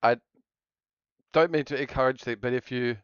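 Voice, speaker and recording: A man's voice: medium pitch, steady tone, normal speed, smooth, dry recording, dull audio. A man streaming casually, rambling and joking, often breaking off mid-sentence. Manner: rambling, jokey, self-interrupting. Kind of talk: casual live-stream chatter.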